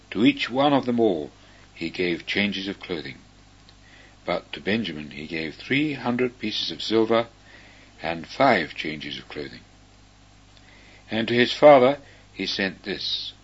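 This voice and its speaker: A man reads scripture in a solemn, deliberate way, with pauses between phrases. His voice is fairly low and husky. The recording sounds dull and lo-fi. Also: a bit bright. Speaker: scripture reader. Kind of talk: slow measured scripture reading.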